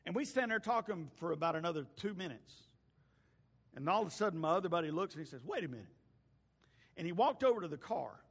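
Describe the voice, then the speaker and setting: A man, a pastor giving a folksy, storytelling sermon that swings between loud calls and hushed asides. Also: high voice, expressive, fast talker, slightly rough. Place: church sanctuary. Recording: long hall reverb.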